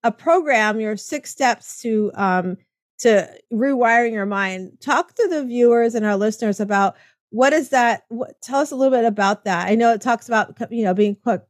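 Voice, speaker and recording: A woman's voice: fairly high pitch, normal speed, no echo, clean studio sound. A middle-aged woman hosting a casual chat, rambling and acting out remembered conversations. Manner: chatty, rambling, acts out quoted exchanges. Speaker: host.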